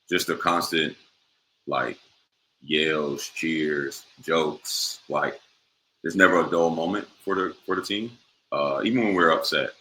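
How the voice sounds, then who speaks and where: A man's voice: rumbling low, sharp tone, slight background noise, low-quality recording. A young man, a professional basketball player, answering interview questions in a laid-back way with many fillers.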